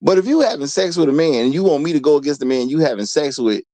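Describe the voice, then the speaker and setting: A man's voice: fairly high pitch, lively intonation, quick pace, dark tone, dry recording. A man hosting a livestream, talking casually, reading chat aloud and repeating his phrases. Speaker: livestream host.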